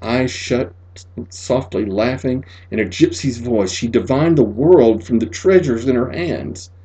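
A man narrating a literary short story as an audiobook, measured and expressive, sinking to a near whisper in the sad passages. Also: medium pitch, slightly rough. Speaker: audiobook reader.

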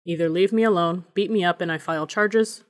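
A steady, defiant teenage boy who talks slowly and deliberately, voiced by a woman reading a storybook. He stays calm under threat. Her voice sits a little low for a woman. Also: lightly acted.

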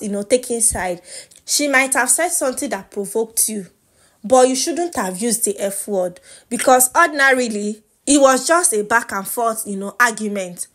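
Young Nigerian woman, gossip vlogger, slightly high voice, lively and laughing, drops Pidgin asides. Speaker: reality show gossip vlogger. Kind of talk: casual gossip recap.

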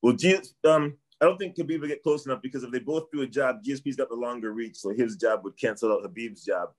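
A middle-aged martial arts trainer from Canada, speaking quickly in a mid-range voice, chats casually about sports as a guest. He goes on tangents, repeats himself, and lets thoughts trail away with "I don't know."

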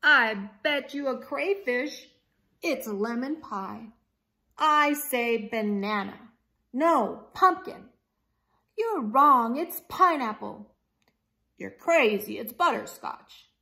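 A woman's voice: high-pitched, slow, heavily acted. Woman voicing squabbling, greedy alligators. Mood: quarrelsome. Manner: loud, arguing.

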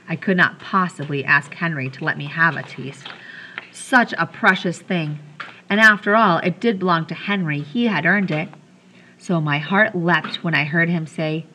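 A woman reading a children's novel aloud, telling the story gently and lightly voicing the characters. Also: on the low side, slight background noise. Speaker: audiobook reader.

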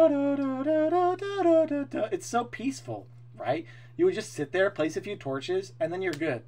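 A man streaming live, chatting casually with his viewers, excitable and opinionated, swearing freely as he talks. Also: a little high.

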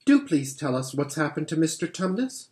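A man's voice: fairly high pitch, very animated, normal speed, a little mellow, voice pushed up. A man reading aloud who voices a tender-hearted, anxious young girl in a pleading, urgent way. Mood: eager.

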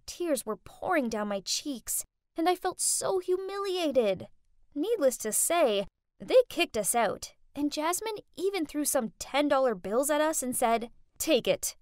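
A young woman narrating a first-person animated story in a dramatic, emotional way. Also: sits high, a little slow, dry recording, studio quality.

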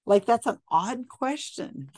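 A woman's voice: a little high, lively intonation, slow, a little mellow, no echo, clean studio sound. A woman giving skeptical, blunt video commentary, talking casually with frequent ums and restarts. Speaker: commentator reviewing psychic videos.

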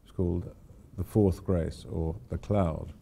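A man's voice: low-pitched, fairly even intonation, measured pace, creaky, warm tone, slight background noise. An older man, an architect giving an informal lecture, rambling through anecdotes with wry asides.

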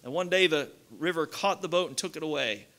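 A man's voice: on the high side, brisk, sharp tone. A man with a Kentucky accent preaching a sermon as pastor, reading scripture and telling folksy stories with acted-out voices.

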